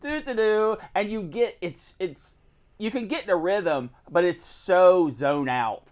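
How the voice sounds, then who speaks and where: A man's voice: high-pitched, unhurried. A man telling work stories in a casual chat, acting out what other people said. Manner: animated storytelling, acts out other people's lines. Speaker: co-host.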